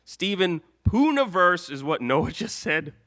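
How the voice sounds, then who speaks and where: A man's voice: high-pitched, big pitch swings, measured pace, sharp tone. A man hosting a live cartoon-commentary stream, rambling and correcting himself, now and then breaking into mock outrage. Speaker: live show host.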